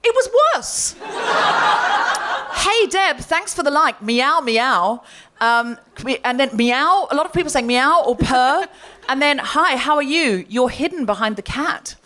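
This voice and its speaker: A woman hosting a live comedy podcast, telling a story on stage with lots of laughing and animated delivery. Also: high voice, takes it slowly.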